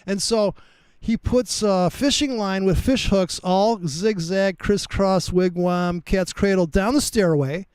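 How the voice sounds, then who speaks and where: A man hosting a live trading stream, telling animated stories in casual chat and swearing freely. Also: sits high, slow pace, clear, resonant tone, dry recording.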